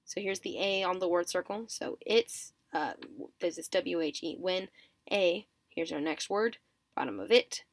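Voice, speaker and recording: A drowsy, yawning teacher with a lowish, gravelly voice guides listeners through a constructed script step by step at a moderate pace. She counts aloud and corrects herself along the way. There is no echo.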